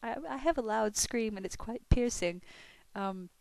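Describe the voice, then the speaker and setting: A woman's voice: fairly high pitch, measured pace, gravelly, a little mellow, dry recording. A young woman from Melbourne with an Australian accent, chatting casually and self-deprecatingly, swearing often and laughing a lot. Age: young adult. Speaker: fan answering a question tag. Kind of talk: casual audio vlog.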